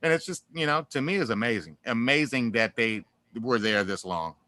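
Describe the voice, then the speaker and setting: A man, a guest musician in a casual interview, rambles animatedly through his stories, laughing along with plenty of fillers and restarts. His voice is medium-pitched at a moderate pace, with no echo.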